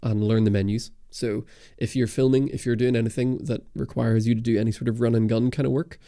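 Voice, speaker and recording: A man's voice: medium pitch, fairly even intonation, brisk, dark tone, dry recording, clean studio sound. A young man hosting a livestream camera Q&A, chatting casually and rambling with lots of ums and restarts. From Ireland and Britain. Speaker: camera channel host. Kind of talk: livestream Q&A, reading chat. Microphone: studio dynamic mic.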